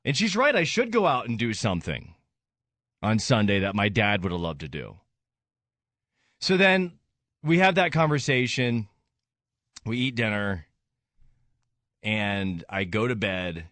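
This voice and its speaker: A man's voice: lowish voice, a bit bright, dry recording, studio quality. A man hosting a radio show, talking rawly about grief and rising into anger. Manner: raw, grieving, rises to anger. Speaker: radio host. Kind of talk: emotional radio talk.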